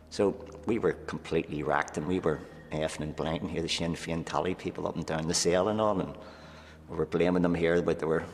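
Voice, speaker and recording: Deep, flat-voiced man. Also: a little hiss or hum. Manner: earnest, fills speech with "here" and "right?". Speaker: former prisoner. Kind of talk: recollection in interview. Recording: long hall reverb, faint music.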